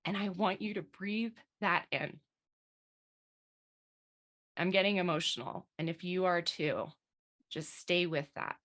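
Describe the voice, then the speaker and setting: Soft-spoken woman guiding a meditation. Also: lowish voice. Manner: slow, soothing guided meditation with frank swearing. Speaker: coach leading an online summit session. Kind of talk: guided visualization talk.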